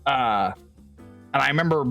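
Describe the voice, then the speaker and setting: A man's voice: medium pitch, animated, moderate pace, gravelly, sharp tone, soft background music. A man co-hosting a podcast, telling a personal story in casual chat, laughing often and swearing. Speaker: podcast co-host.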